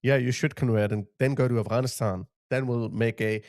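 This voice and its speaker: A man's voice: mid-range voice, fairly even intonation, brisk, darkish tone, no echo, clean studio sound. A man hosting a commentary video, ranting in a heated, scornful way and repeating short jabs. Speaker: commentary channel host.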